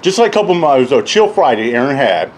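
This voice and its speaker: A man ranting casually and profanely, rambling and mocking others, often laughing and mimicking them in high voices. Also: sing-song, quick pace, darkish tone, slight background noise. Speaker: YouTube commentator. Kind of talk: casual rant.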